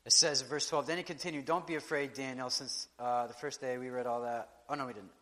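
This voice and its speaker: A man preaching a sermon in a conversational, animated way, acting out quotes and asides. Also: medium pitch, quick pace. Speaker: pastor. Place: church sanctuary. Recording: long reverb of a large hall.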